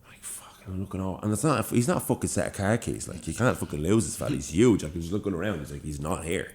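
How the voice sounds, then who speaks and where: Deep-voiced young Dublin man, storytelling. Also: rapid-fire. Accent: Dublin Irish. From Ireland. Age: young adult. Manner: animated storyteller, swears freely, acts out quoted lines. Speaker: podcast co-host. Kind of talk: casual storytelling chat.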